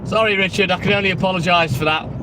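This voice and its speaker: A man's voice: high-pitched, steady tone, fast talker. A man hosting a casual live stream, chatting with viewers by name and telling corny jokes. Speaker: livestream host. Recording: loud outdoor traffic noise.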